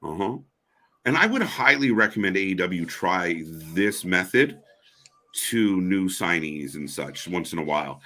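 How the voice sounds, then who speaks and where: A man's voice: low-pitched, lively intonation, a little slow, bright, forceful tone. A man co-hosting a casual live wrestling commentary stream, blunt and opinionated, swearing now and then. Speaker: co-host.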